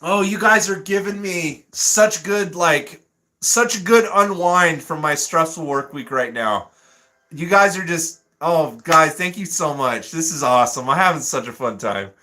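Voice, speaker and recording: A man's voice: on the high side, lively intonation, unhurried, pushed and bright. A man hosting a casual live stream, reading viewer comments aloud and laughing often. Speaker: livestream host reading chat.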